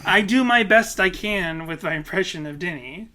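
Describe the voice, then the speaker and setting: A man's voice: high voice, animated, moderate pace, sharp tone, slight background noise. A man co-hosting a casual podcast, playful and chuckling between phrases. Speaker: podcast co-host.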